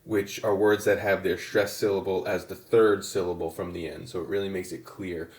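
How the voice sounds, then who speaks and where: A man's voice: low-pitched, flat delivery, moderate pace, a little mellow, reverberant. A man giving a patient, methodical songwriting lesson, with frequent fillers and restarts. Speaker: songwriting instructor. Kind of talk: explanatory lesson.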